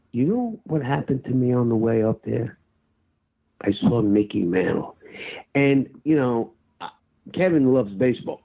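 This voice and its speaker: An older actor telling a lively anecdote in an interview, acting out his own shouting as he goes. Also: medium pitch. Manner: animated storyteller, acts out his own shouting. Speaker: actor guest. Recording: tinny phone-like line.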